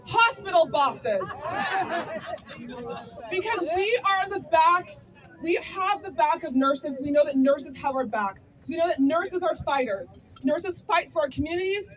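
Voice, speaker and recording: A woman's voice: extremely high pitch, lively intonation, measured pace. A woman giving a rousing union rally speech outdoors, leading the crowd in call-and-response. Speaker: labor union speaker at a rally. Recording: distant mic, crowd noise. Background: cheering crowd.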